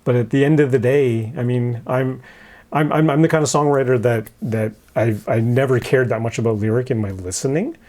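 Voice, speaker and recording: A mellow, warm-toned man talks through his thoughts in a relaxed roundtable chat. He often stops and repeats words before finishing a sentence. He sounds like a songwriter hosting his own show. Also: medium pitch. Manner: halting, repeats words often, laughs lightly. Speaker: podcast co-host and songwriter. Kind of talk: casual roundtable discussion.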